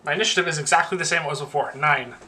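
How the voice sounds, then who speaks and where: A man's voice: on the high side, very fast, sharp tone, slight background noise. A man playing a tabletop game, answering in short, casual replies. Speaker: player.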